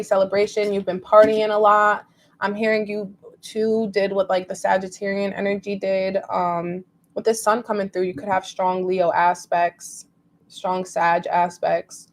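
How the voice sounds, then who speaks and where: A woman's voice: mid-range voice, slight background noise. A woman giving a casual tarot reading to her viewers, rambling and emotive, with many fillers. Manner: rambling and emotive, heavy use of "like". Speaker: tarot reader.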